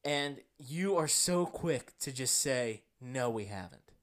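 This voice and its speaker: Podcast co-host, male, New Jersey accent, deadpan storyteller who breaks into laughs, mid-range voice. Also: medium pitch, slow. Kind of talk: casual chat, reading a story aloud.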